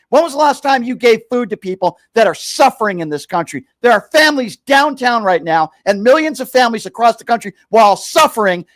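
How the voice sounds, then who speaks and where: A man's voice: high voice, no room sound. A man hosting a call-in radio talk show, angrily berating a caller in heated, insulting rants. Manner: angry, shouting, insulting.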